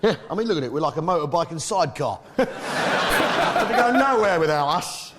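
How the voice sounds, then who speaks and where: A man's voice: a little high, sing-song, moderate pace, heavy background noise. A man with a British accent doing boastful, swearing stand-up comedy, recorded live on stage. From Britain. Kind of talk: stand-up comedy as a pompous publican. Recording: live stage show with loud audience.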